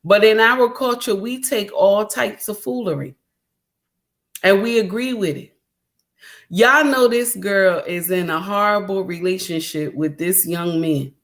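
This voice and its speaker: A middle-aged woman hosts a livestream and lectures her viewers in a preachy, emphatic way. She circles back to the same points over and over and speaks to her audience directly. Her pitch sits in an ordinary middle range. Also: measured pace, a bit bright. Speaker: livestream host.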